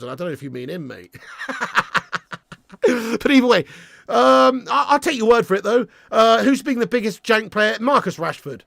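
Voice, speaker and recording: Sweary bloke ranting through a match stream, high and gravelly, dry close mic. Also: male voice, no room sound. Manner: sweary, ranting, banters with the chat; shouts at chances on goal. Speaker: fan channel host. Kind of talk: live match watch-along commentary.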